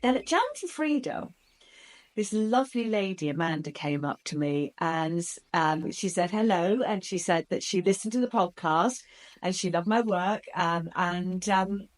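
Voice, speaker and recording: A woman hosting a podcast, telling a story to her listeners in an excitable, chatty way with plenty of fillers. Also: fairly low pitch, measured pace. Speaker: podcast host.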